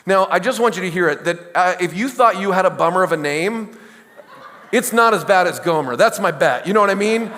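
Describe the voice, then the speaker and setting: A man's voice: sits high, expressive, fairly quick, bright, forceful tone, in a large hall. A middle-aged man preaching a sermon as pastor, talking in a conversational way, with stories, asides and questions to the congregation. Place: church sanctuary.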